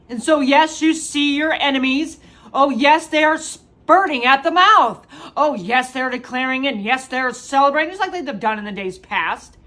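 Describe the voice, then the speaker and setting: A woman delivering a prophetic proclamation in the first person as God, with emphatic, drawn-out declarations and repeated rhetorical questions. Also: high-pitched, bright, forceful tone.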